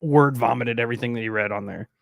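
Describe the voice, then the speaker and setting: A man's voice: medium pitch, fast, creaky, dry recording, studio quality. A man co-hosting a podcast in casual chat, rambling and laid-back, often trailing off mid-thought. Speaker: podcast co-host.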